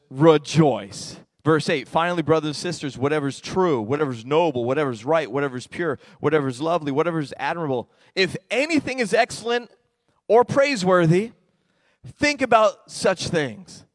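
A middle-aged pastor preaching with lots of energy, his voice on the high side for a man. He drops low and quiet to draw the room in, then builds to loud, excited peaks. The sound is close and dry, with little room echo. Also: moderate pace. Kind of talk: sermon.

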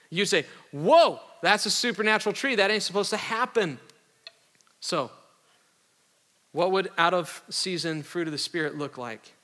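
A middle-aged pastor from Iowa delivers a sermon in a bright, high-pitched voice. He keeps it loose, joking, with casual slang. The sound carries a long reverb from a large hall. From Iowa, USA.

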